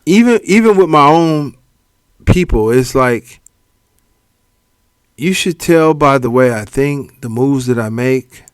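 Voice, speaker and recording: A man's voice: mid-range voice, takes it slowly, long pauses, smooth, no echo. A man co-hosting a podcast, telling stories in casual chat and acting out what people said to him. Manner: animated storyteller, acts out quotes. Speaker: podcast co-host.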